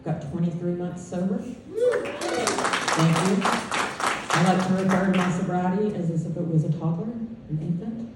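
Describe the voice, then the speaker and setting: A woman doing a stand-up comedy set, telling stories in a conversational way with deadpan punchlines. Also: fairly low pitch, a little slow, very noisy. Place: comedy club stage. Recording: echoey club heard from far off. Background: audience laughter.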